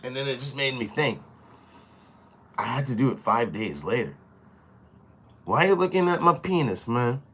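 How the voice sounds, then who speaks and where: A young man casually telling a story on his live stream, profane and animated, slipping into quoted voices. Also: mid-range voice, moderate pace, long pauses, slight background noise. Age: young adult.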